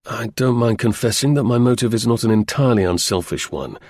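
A man reading the part of a blunt, restless young gentleman, in a clipped upper-class manner. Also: mid-range voice, a little fast, no echo, studio quality, lightly acted.

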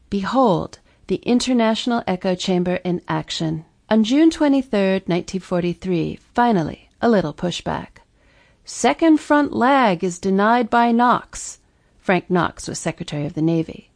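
A woman reading nonfiction history as an audiobook narrator, measured and deliberate, stressing pointed rhetorical questions. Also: mid-range voice, vocal fry, a little mellow.

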